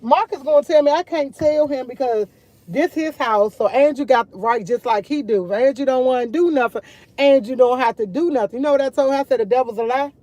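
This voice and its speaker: A woman's voice: sits high, a little fast, mellow, no echo. A woman chatting casually to her viewers over morning coffee, rambling and repeating herself as she tells stories. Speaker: vlogger.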